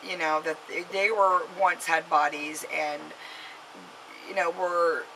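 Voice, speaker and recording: A woman's voice: fairly low pitch, steady tone, slow pace, sharp tone, slight background noise, poor audio. A mother vlogging to camera, telling a story in a rambling way with many fillers and restarts and giving an earnest, scolding warning.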